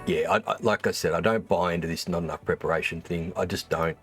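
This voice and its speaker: A man's voice: deep voice, fairly even intonation, fast talker, soft background music. An Australian man chatting casually on a livestream, rambling, swearing freely and restarting often. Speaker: streamer and former race engineer.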